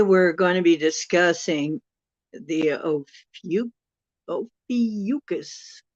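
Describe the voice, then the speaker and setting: A woman's voice: on the low side, darkish tone, no room sound, muffled recording. A woman hosting a casual livestream, chatty and rambling, often laughing and correcting herself. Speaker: livestream host.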